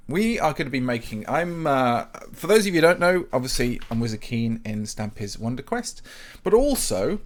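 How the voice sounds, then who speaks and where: A man hosting a casual live stream, chatting with viewers while he builds in Minecraft. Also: mid-range voice. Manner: chatty and rambling, greets viewers by name, frequent ums. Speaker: livestream host, Minecraft map builder.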